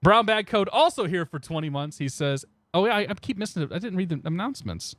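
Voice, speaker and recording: Chatty young man, lively and fast. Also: sits high, no room sound, clean studio sound. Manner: rambling, chatty, greets chat by name. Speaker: flight sim streamer. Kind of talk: casual live-stream chat. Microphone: new desk microphone.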